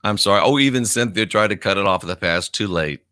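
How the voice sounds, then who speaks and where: A man in his fifties runs a casual live stream, reading out viewer comments with blunt, profane remarks. His voice is bright and forceful, with a crisp, clear tone. The sound is dry, with no room echo. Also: lowish voice, fast. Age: 50s. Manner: blunt and profane, reads comments aloud and laughs often.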